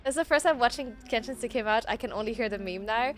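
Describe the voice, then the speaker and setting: A woman's voice: on the high side, fast, faint music behind. A woman streamer whose first language is French, chatting casually and rambling over a game she is playing. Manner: chatty, rambling, laughs easily. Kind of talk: casual gameplay commentary.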